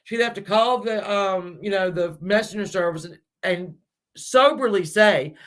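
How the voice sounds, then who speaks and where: A man's voice: high voice, measured pace, fairly bright tone. A man hosting a true-crime channel who speculates aloud in a casual, rambling way, with many restarts and fillers, and who talks straight to his viewers.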